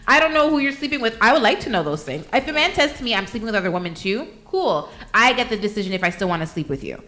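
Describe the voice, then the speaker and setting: Fast bright-voiced woman telling stories. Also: fairly high pitch. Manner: animated storytelling, acts out quotes. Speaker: radio show host. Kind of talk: casual group chat.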